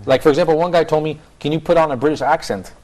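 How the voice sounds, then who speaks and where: A man hosting a casual panel talk show, chatty and quick, often restarting his sentences. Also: a little high, a little mellow. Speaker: host.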